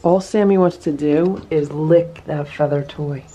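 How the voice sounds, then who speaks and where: A woman filming a casual vlog about her cats, chatting about their routines and coaxing them with a high voice. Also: fairly even intonation, a little slow, dark tone. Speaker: cat vlogger. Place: indoor room with cats.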